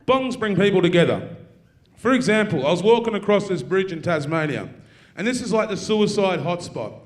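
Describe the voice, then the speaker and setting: A man with an Australian accent doing a stand-up comedy set, telling dark stories in a profane, deadpan way. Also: sits high, normal speed. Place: university theatre with live audience.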